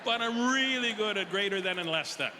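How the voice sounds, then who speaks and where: A man telling an animated, exaggerated story as a stand-up comedian, often checking in with a quick "right?". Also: high-pitched. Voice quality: animated, exaggerating, tag questions. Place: comedy festival stage in a large hall. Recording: reverberant live hall with audience noise.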